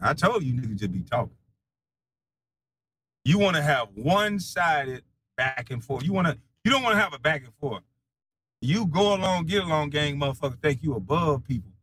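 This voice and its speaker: Defiant man in a mocking profane rant. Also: noisy background. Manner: defiant, mocking, swings from low mutters to loud taunts; laughs scornfully between lines. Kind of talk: heated profane monologue.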